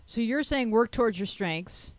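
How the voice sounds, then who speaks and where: A woman's voice: fairly high pitch, animated, moderate pace, dry recording. Brief: upbeat female host who sums up points, with a mid-range voice on a dry mic. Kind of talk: hosting a panel talk show.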